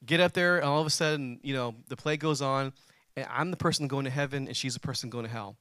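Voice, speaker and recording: Bright-voiced preacher man. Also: mid-range voice, quick pace, no echo, studio quality. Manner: animated, calls on the congregation to respond. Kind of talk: sermon with personal storytelling.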